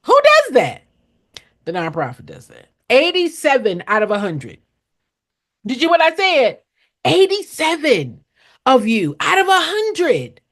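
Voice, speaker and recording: Middle-aged woman, fairly high voice, very lively pitch, blunt, preachy, repeats herself for emphasis. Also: unhurried. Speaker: nonprofit consultant. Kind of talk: direct live-stream teaching to viewers.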